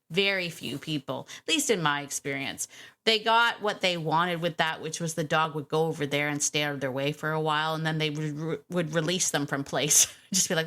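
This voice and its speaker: A woman hosting a dog-training podcast, chatty and animated, laughing often. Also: deep voice. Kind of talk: casual podcast chat.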